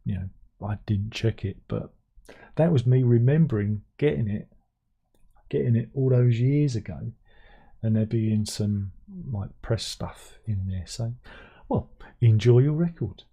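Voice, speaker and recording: Older British man, livestream host, casual rambling chat, dark and slightly husky tone. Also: fairly low pitch, unhurried, highs cut off. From Britain. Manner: rambling, chatty, self-mocking asides.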